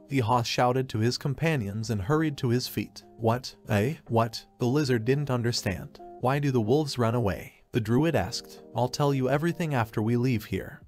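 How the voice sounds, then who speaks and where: A man narrating an anime story recap, reading every character's lines in the same even voice. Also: medium pitch. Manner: reads all characters' lines in one even voice. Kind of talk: scripted narration.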